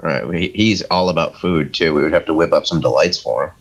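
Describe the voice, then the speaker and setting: A man co-hosting a podcast in casual chat, rambling and jokey with sudden excited bursts. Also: rumbling low, fairly quick, breathy edge. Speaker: podcast co-host. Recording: dull lo-fi sound.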